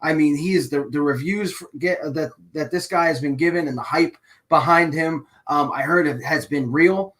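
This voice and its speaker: A man's voice: a little high, moderate pace, fairly bright tone. A man hosting a live sports channel, ranting emotionally and rambling with many restarts. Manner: rambling, with frequent restarts and fillers; emotional and exasperated. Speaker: channel host. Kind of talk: live-stream sports rant.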